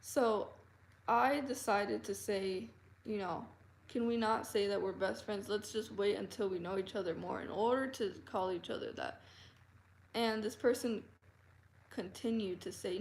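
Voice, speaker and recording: A woman telling a personal story to camera in an earnest, halting way, full of fillers and restarts. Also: mid-range voice. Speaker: vlogger. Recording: roomy echo.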